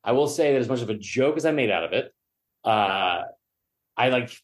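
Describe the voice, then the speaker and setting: This is casual storytelling from a podcast guest known as a sports media personality. At a normal pace, he lively narrates a long story, leaping in pitch to mimic the other characters while cursing and cracking jokes.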